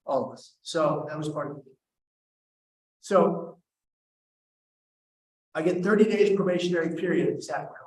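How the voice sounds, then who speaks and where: Wry high-voiced man in echoey hall. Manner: wry, self-mocking, acts out quoted voices. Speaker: summit speaker. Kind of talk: humorous personal storytelling talk. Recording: echoey hall from far off, faint noise.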